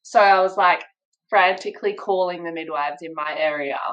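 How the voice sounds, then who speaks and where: A woman's voice: lowish voice, normal speed, a bit bright, highs cut off. A young Australian woman, a podcast guest, telling her story in a casual interview and acting out the people she quotes.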